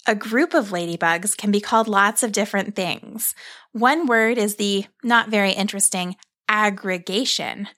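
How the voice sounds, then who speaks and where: A woman narrating a gentle story in a calm, explanatory way, stopping to explain things as she goes. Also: medium pitch, normal speed.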